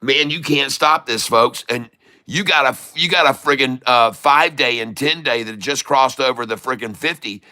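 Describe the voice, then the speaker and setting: A man giving excited live commentary on a stock chart, full of folksy slang and exclamations. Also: medium pitch, normal speed. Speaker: day-trading streamer.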